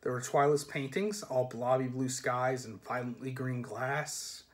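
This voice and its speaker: A man with a mid-range voice reads a novel aloud, keeping a measured storybook delivery that sometimes drops to a soft tone.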